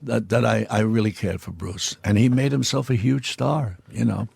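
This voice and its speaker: A man, a guest in an interview, telling profane anecdotes in a blunt, animated way and acting out the dialogue. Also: fairly low pitch, moderate pace, creaky, breathy edge, dry recording.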